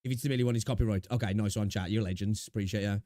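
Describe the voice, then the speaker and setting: A man's voice: fairly low pitch, fairly even intonation, rapid-fire, warm tone, dry recording, studio quality. A young man chatting casually on a live stream, reacting to videos, talking to his chat with slang and frequent laughs.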